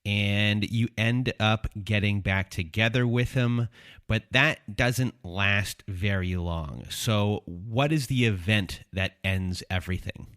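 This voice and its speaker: Man, podcast host, calm recap, very slow, dry close sound. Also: on the low side, smooth, dry recording. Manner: calm, deliberate summarizing. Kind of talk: interview recap and question.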